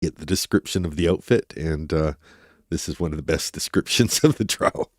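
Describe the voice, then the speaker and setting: A man's voice: very deep voice, normal speed, very noisy. A man hosting a true crime livestream, chatting casually and rambling as he talks to his viewers.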